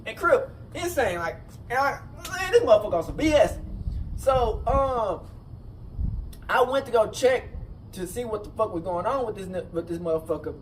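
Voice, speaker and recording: A man casually telling a rambling, profane story, full of fillers and restarts. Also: normal speed. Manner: rambling, animated, profane, repeats "you know what I'm saying". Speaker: storyteller recounting a jail fight. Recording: distant mic with faint rumble.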